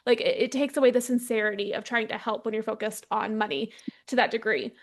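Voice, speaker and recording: A young adult woman from Texas speaks as a candidate in a relaxed interview. Her voice sits a little high, and she talks in a chatty way, often pausing on "um" and restarting her sentences. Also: slight background noise. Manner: chatty, frequent ums and restarts. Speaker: congressional candidate. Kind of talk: casual interview conversation.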